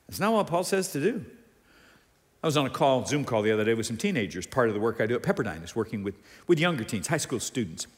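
A man preaching a sermon as a pastor, animated, moving between soft asides and emphatic lines. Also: mid-range voice, fast talker, in a large hall.

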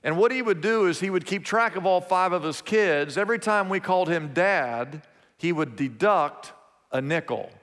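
Man, pastor, sermon story, high voice, long echo of a church hall. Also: moderate pace. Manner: animated storyteller, voice rising high at climaxes. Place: church sanctuary.

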